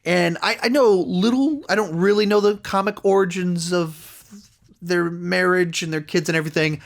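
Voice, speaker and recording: A man's voice: high-pitched, moderate pace. A man giving a casual spoken review of a TV episode, rambling through the plot with lots of "like" and "you know" and acting out the characters' lines. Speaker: TV series reviewer.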